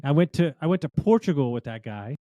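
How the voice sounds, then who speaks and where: A man with a slightly higher voice tells wild restaurant stories at a quick clip. He acts out the people in them as he goes. The sound is dry and close. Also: no room sound, dull audio. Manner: animated storyteller, acts out quotes of others. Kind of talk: casual storytelling chat.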